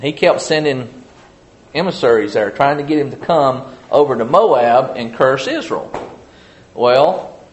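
A man leads a relaxed Bible study, retelling scripture in a loose, folksy way. He often stops and restarts, filling the pauses with "uh" and "you know". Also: mid-range voice. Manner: rambling folksy storytelling with many fillers. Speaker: Bible teacher. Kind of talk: casual Bible study teaching.

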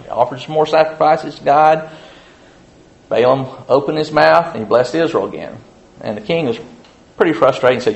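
A man's voice: mid-range voice, normal speed, creaky. Folksy rambling male Bible teacher. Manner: rambling folksy storytelling with many fillers. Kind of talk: casual Bible study teaching.

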